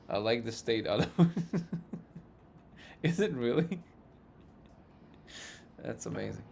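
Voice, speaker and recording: Male livestream host, mid-pitched voice, jokey and loose, laughs a lot while riffing on chat comments. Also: expressive, slow, creaky, pauses often, darkish tone, slightly rough. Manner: jokey, chuckles often between remarks. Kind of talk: casual live chat reading comments.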